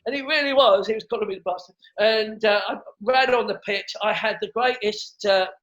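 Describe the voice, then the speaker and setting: A middle-aged man, a comedian, telling stories in a casual interview, animated and quick to repeat words and act out what others said. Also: high-pitched. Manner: animated storyteller who acts out quotes and repeats words. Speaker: comedian guest. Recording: dull lo-fi sound.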